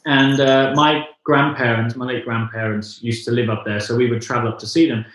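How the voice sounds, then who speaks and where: A man's voice: mid-range voice, fairly even intonation, fairly quick, fairly bright tone. A man from England, a musical theatre singer chatting as an interview guest in a rambling, self-correcting way. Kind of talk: casual interview chat. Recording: very echoey, distant from the mic.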